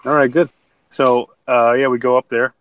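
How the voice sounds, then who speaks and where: A man's voice: medium pitch, little pitch movement, moderate pace, fairly bright tone, rough recording. A man playing a tabletop role-playing game, casual and rambling, speaking a little away from the mic. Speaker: player.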